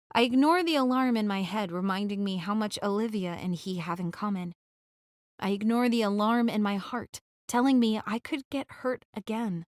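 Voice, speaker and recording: Brief: female audiobook narrator, mid-pitched, gentle and intimate, very dry close recording. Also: no room sound. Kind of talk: scripted first-person romance narration.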